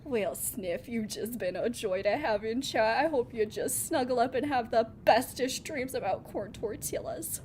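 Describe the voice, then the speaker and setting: A woman's voice: a little high, normal speed, few pauses, darkish tone, a little hiss or hum, close to an everyday voice. A woman putting on a mock Minnesota accent as a folksy, over-sweet, doting Midwestern lady.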